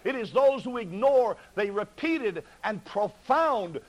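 A man's voice: high voice, animated, slow, low-quality recording. A man preaching a fervent sermon from the pulpit, pleading with his listeners through repeated rhetorical questions.

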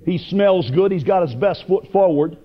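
A man preaching a sermon with fervent, emphatic delivery that rises to loud bursts. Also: sits high, normal speed. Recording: dull lo-fi broadcast recording.

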